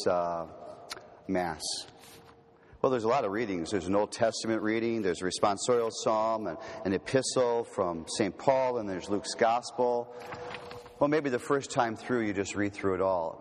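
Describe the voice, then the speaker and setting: A man with a fairly low voice gives a teaching talk on prayer at a reflective, unhurried pace. He eases into softer, slower delivery on the words he wants to land. His voice rings out with a long hall reverb. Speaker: retreat speaker.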